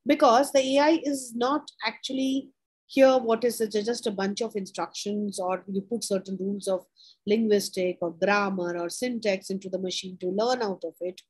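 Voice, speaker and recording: A woman teaching an informal lesson, explaining in short repeated phrases, checking in with "right?" and pausing on "uh". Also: medium pitch, fairly even intonation, a little mellow, husky, poor audio. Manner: pauses with frequent "uh". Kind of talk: informal lecture.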